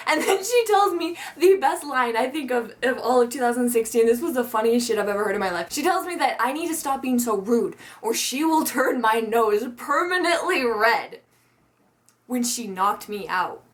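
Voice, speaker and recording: High-voiced young woman ranting casually. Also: moderate pace. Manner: profane, animated, laughing often. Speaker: vlogger. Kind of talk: casual storytime rant.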